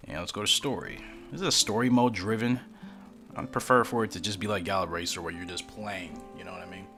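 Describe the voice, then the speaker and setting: A man's voice: sits low, fast talker, fairly bright tone, soft background music. A man casually commenting as he plays a mobile game for his channel, rambling along with self-deprecating asides. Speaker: gaming YouTuber.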